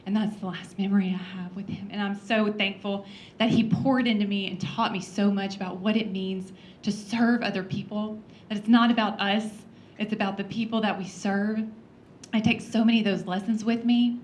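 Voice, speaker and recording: Woman legislator, personal speech, earnest storyteller with soft laughs and ums, middle pitch. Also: fairly even intonation, moderate pace, slight background noise. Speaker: congresswoman giving a talk. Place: breakfast event room.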